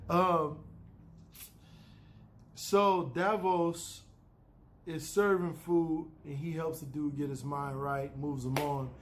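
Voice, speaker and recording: A man's voice: fairly high pitch, a little hiss or hum. A man casually recapping a TV episode, loose and opinionated, peppering his talk with "you know" and "man".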